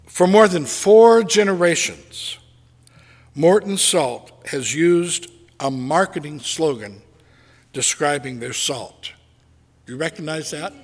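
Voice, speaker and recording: A man preaching a sermon as a pastor, slow and deliberate with dramatic pauses. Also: on the high side, big-room sound.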